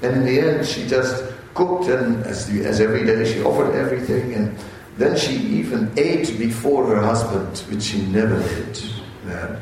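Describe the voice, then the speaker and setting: A man giving a religious talk at a retreat, telling a story in a halting way and briefly voicing the people in it. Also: mid-range voice, darkish tone, very echoey, far from the mic, a little hiss or hum, poor audio. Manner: halting, unhurried storyteller who briefly voices quoted characters.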